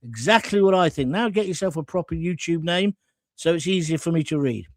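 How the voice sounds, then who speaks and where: A man's voice: fairly high pitch, brisk, dry recording. Blunt, jokey male host. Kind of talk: live-stream commentary, reading viewer comments.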